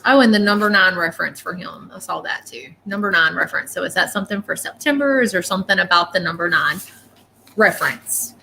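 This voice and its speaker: A woman's voice: fairly low pitch, fairly quick, creaky, bright, forceful tone, slight background noise, low-quality recording. A woman giving psychic readings on a livestream, chatty, rambling and often apologetic. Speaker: psychic reader.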